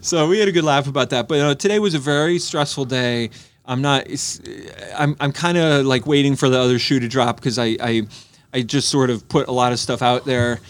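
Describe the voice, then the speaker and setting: A man's voice: medium pitch, a little fast. A man co-hosting a casual movie podcast, rambling through stories and acting out bits of dialogue. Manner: rambling storyteller with frequent restarts, acts out dialogue. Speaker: podcast co-host. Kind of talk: casual chat reviewing a movie.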